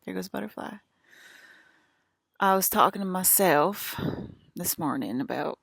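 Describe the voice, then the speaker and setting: Woman, American country accent, gravelly, agitated, swearing, repetitive rambling monologue. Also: on the low side, expressive, moderate pace, no echo, clean studio sound. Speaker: vlogger.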